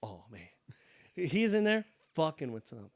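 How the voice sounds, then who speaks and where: Speaking at normal speed in a fairly high pitch, a young male podcast co-host tells stories in a loose, laughing, profane way. His delivery is lively and conversational.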